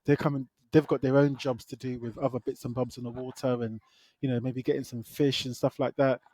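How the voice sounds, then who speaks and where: A man's voice: medium pitch, flat delivery, brisk, warm tone, dry recording. Laid-back British man chatting about films. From United Kingdom. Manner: laid-back, slangy, retells plots with asides. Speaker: podcast co-host. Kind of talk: casual film review chat.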